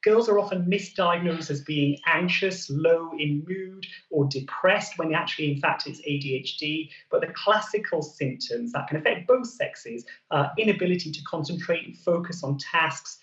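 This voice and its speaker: Male TV doctor, brisk advice-giving delivery, somewhat high voice, heard from a distance in a roomy studio. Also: fairly bright tone, dull audio. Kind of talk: explaining health advice on a morning show.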